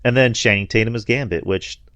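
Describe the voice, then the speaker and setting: A man co-hosts a podcast in a casual, rambling chat full of fillers and laughs. He speaks briskly with a fairly low, fairly bright voice, and the recording is dry.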